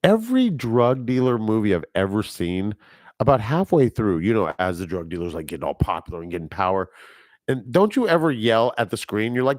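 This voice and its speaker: A man's voice: lowish voice, sing-song, brisk, no echo, studio quality. A man hosting a podcast alone, chatting casually and rambling about movies, laughing at his own tangents into a microphone. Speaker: podcast host. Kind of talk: casual solo movie chat. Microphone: speaking into a microphone.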